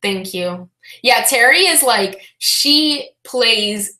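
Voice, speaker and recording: Brief: young woman vlogger, casual livestream chat, bright voice, roomy echo. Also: on the high side, expressive, very slow. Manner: chatty, many fillers, reads chat aloud.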